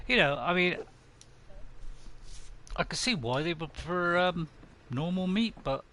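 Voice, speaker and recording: A man's voice: sits high, expressive, slow, pauses often, sharp tone. A man streaming a game, chatting casually to himself and reading viewers' messages aloud. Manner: chatty, talks to himself and reads chat aloud. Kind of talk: casual live game commentary.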